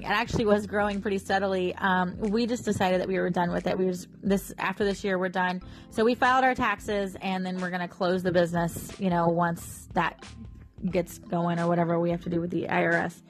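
A woman's voice: fairly low pitch, fairly even intonation, a little fast, soft background music. A woman, chatting casually to her viewers in a rambling way with lots of fillers. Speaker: vlogger and small business owner. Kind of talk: casual chat to camera.

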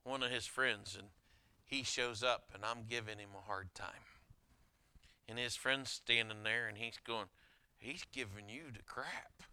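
A man preaching a sermon as a pastor, telling anecdotes in a conversational, animated way. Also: on the low side, a little slow, clean tone, no room sound. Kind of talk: sermon with storytelling.

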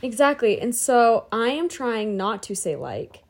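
A chatty woman co-hosts a casual podcast, talking a lot and often cutting in. Her slightly high voice is full of "like". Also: moderate pace. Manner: talkative, cuts in, says "like" often. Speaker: podcast co-host. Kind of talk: casual chat.

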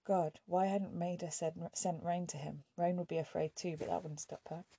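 An audiobook narrator, a woman, reads scripted narration from a novel in a measured, even storytelling style. Her voice sits fairly low and has a slight roughness.

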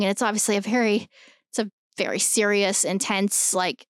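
A woman's voice: mid-range voice, a little fast, no room sound, clean studio sound. A woman co-hosting a podcast, talking through a film in casual, emphatic chat and swearing freely. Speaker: podcast co-host.

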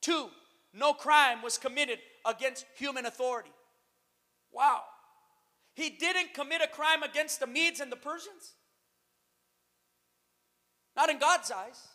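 Male pastor, high bright voice, sermon in a reverberant church. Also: a little slow, pauses often. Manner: preaching, swings to shouted emphasis, calls out to the church. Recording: long reverb of a hall.

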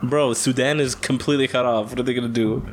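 A young man co-hosting a podcast in casual chat, animated and jokey, laughing often. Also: mid-range voice, fast talker, a little hiss or hum. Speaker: podcast co-host.

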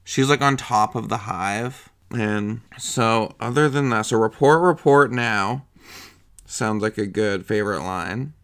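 A man's voice: lowish voice, unhurried, hardly any pauses, a bit bright, clear, resonant tone. A man chatting casually about a movie, rambling and swearing, often laughing and acting out lines in put-on voices. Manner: acts out quotes in put-on voices.

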